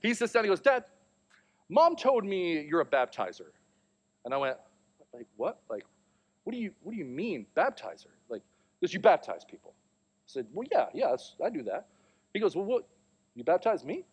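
A man's voice: high-pitched, normal speed, long pauses, husky. A man in his thirties preaching a sermon, telling a family story and acting out the voices in it. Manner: storytelling, animated, acts out quotes. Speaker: pastor.

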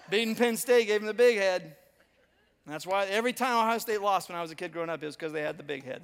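A man's voice: sits high, fairly bright tone, long reverb tail. A pastor in his fifties preaching a sermon, talking directly to his congregation in a conversational, self-mocking way. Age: 50s. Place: church auditorium.

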